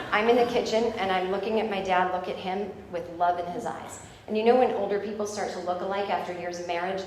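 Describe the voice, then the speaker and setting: A woman stand-up comedian doing animated, profane storytelling in a live club. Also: on the low side. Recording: echoey club room, faint noise.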